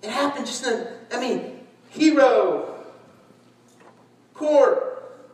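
A man preaching a sermon, telling stories animatedly, shouting and laughing as he acts out conversations. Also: very high voice, lively intonation, very slow. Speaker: pastor. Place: large church hall. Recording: echoey church hall, distant mic.

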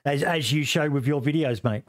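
A man talks casually about games, his voice sitting a bit high. He rambles, swears freely and fills the gaps with ums and restarts. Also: fairly quick. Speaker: streamer. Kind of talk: casual gaming podcast chat.

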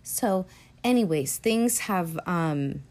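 Woman, podcast host, casual film recap, rambling, swears a lot, fairly low voice. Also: animated, slow, a little mellow. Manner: rambling, profane, filler-heavy.

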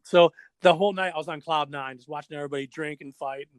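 A man telling a story in casual chat, animated and acting out the voices of the people in it. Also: on the high side, fast talker, clean tone, dry recording. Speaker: podcast guest.

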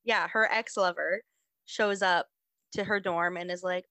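A young university student telling a story in a chatty way, full of "like". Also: female voice, fairly low pitch, fairly even intonation, measured pace, pushed and bright, no echo, poor audio. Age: young adult. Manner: chatty storytelling, acts out lines with fillers like "like". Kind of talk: casual chat.

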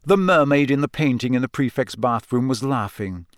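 Expressive male audiobook narrator. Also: medium pitch, normal speed, clean tone, no room sound. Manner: expressive, voices characters. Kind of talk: scripted narration.

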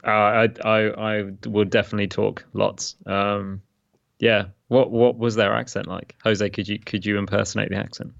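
Laid-back British male co-host, low gravelly voice, slightly dull lo-fi mic, dry. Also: flat delivery, normal speed, no room sound. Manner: easygoing, laid-back, laughs along. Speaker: podcast co-host. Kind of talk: casual chat.

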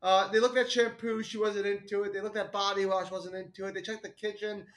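High-voiced man rambling in crude banter. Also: little pitch movement, fairly bright tone. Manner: rambling, halting restarts, laughs at own jokes. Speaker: podcast co-host. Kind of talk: casual crude comedic chat.

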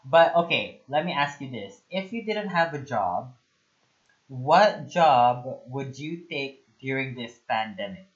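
Filipino male host, mid-pitched and playful, teasing banter, slightly muffled lo-fi sound. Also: animated, measured pace. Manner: playful, teasing, mixes English with Tagalog. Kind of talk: casual chat.

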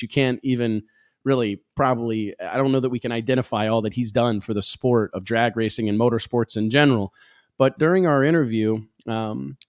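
A man's voice: mid-range voice, no room sound, clean studio sound. A man hosting a talk show in casual chat, talking emphatically and firing off rhetorical questions.

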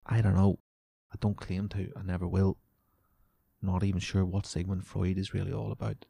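Gravelly, sweary man. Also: deep voice, little pitch movement, normal speed, warm tone. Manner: sweary, sarcastic, reads news aloud mockingly. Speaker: podcast host. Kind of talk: casual ranting monologue.

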